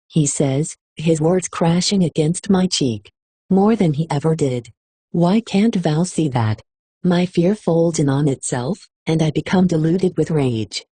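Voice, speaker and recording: Woman narrating an audiobook, low mellow voice, emotional first-person telling. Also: unhurried, breathy edge, no echo. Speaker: audiobook reader.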